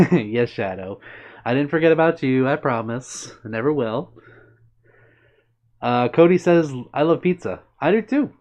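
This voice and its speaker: A man's voice: mid-range voice, lively intonation, a little slow, a little mellow. Chatty man on a live stream. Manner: chatty and upbeat, greets viewers by name. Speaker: livestream host reading chat. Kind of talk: casual live-stream chat. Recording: dull lo-fi stream audio.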